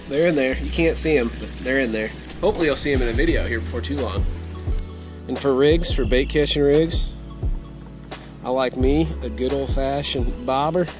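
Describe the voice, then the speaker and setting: Chatty man fishing by a pond. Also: mid-range voice. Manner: chatty, self-amused, easygoing. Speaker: fishing channel host. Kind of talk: casual outdoor vlog. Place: outdoors at a pond and at home with a bait tank.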